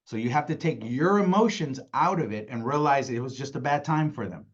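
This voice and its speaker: A man with young kids, giving an energetic, casual sales training talk, acting out phone calls and often asking "right?". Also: mid-range voice, brisk, slightly rough, highs cut off. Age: adult with young kids. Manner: energetic, acts out calls in quoted voices, keeps asking "right?".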